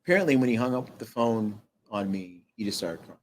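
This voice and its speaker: A man's voice: fairly low pitch, animated, slight background noise. Middle-aged man telling a personal story. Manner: halting, with restarts and fillers, dropping quieter at emotional moments. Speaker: interview guest.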